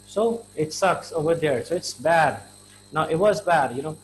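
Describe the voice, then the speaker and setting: A man's voice: fairly high pitch, lively intonation, normal speed, background noise. A man with an Indian English accent teaching slang in a chatty, informal lesson, full of fillers and acted-out little dialogues.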